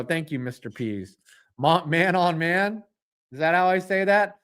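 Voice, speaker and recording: A man's voice: fairly high pitch, lively intonation, unhurried, a bit bright, clear, resonant tone. A man giving live reaction commentary on a football game, calling plays, joking with his chat and cursing at the referees' calls.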